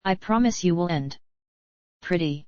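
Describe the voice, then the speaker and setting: A woman voicing a cruel, crude mayor who taunts a captive, in a slow screenplay reading. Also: fairly low pitch, animated, darkish tone, dry recording. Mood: taunting. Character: cruel scheming mayor, mocking captor. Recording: dull lo-fi dry recording.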